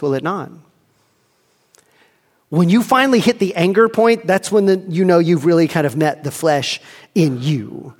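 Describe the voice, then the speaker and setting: High-pitched pastor guy preaching, lots of rhetorical questions, long hall echo. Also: a little mellow. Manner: rhetorical questions, emphatic, acts out inner dialogue. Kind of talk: sermon.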